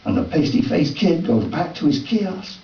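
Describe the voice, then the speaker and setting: A man reading his own comic story aloud at a live event, in a wry, deadpan first-person voice with folksy dialect. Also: fairly high pitch, normal speed, slight background noise. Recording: distant, roomy, dull live recording.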